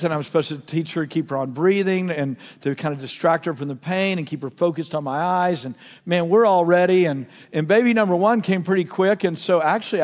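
A middle-aged male pastor preaching a sermon, passionate and storytelling, sometimes dropping to a hushed tone. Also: fairly high pitch. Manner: impassioned, storytelling, drops to hushed tones. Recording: long reverb of a church hall.

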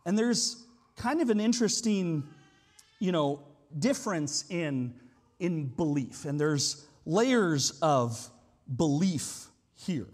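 Animated high-voiced male preacher. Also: slow. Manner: conversational, explanatory, with frequent hedging asides. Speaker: pastor. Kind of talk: sermon. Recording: long hall reverb.

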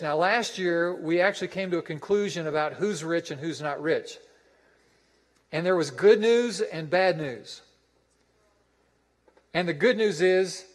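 A man's voice: on the high side, unhurried, in a large hall, rough recording. A man preaching a sermon as pastor, emphatic and repeating his phrases for effect.

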